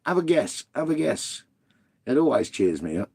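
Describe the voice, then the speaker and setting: Sweary chatty man, mellow voice. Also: medium pitch, big pitch swings, normal speed, creaky, breathy edge. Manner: swears freely, banters with viewers, chuckles often. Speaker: vanlife live streamer. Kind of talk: casual live-stream chat reading comments.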